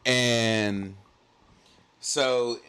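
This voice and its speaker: A young adult man co-hosting a podcast, telling a story in casual chat, animated and profane, with lots of "like". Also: mid-range voice, drawn-out words, clean tone. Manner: animated, profane, heavy use of "like". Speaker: podcast co-host.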